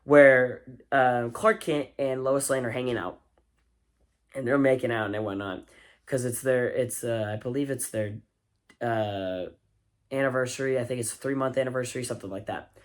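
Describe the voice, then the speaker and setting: A man's voice: medium pitch, steady tone, moderate pace. A man giving a casual spoken movie review, enthusiastic and rambling, with fillers and restarts.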